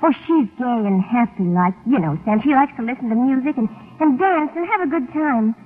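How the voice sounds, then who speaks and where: Gentle young woman hesitant, stammering, high-ish voice, tinny old radio. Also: lively intonation, a little fast. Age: young adult. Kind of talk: 1940s radio acting. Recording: tinny old radio broadcast, faint music.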